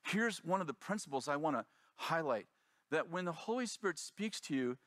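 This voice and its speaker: A middle-aged man preaches as a pastor, telling a lively story and slipping into the voices of the people in it. His voice sits a little high for a man. The sound is close and dry. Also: normal speed, no echo. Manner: animated storyteller acting out quoted voices. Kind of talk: sermon storytelling.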